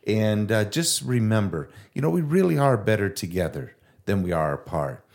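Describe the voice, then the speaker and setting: Female co-host, remarkably deep register, earnest and encouraging, loose and conversational. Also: sing-song, moderate pace, darkish tone. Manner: earnest and encouraging, with many fillers. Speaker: podcast co-host. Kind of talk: faith-based casual chat.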